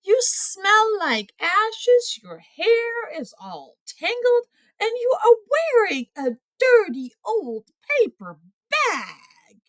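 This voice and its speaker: A woman voicing a vain, fussy young prince in a storybook, speaking in a shrill, scolding way. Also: huge pitch swings, very slow, dry recording, full character voice. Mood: snooty.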